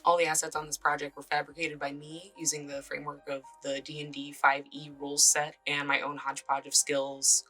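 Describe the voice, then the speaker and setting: A woman's voice: sits low, sharp tone, rough recording. A woman creator reading an earnest, self-deprecating outro to her listeners. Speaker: creator and dungeon master. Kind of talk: scripted outro address.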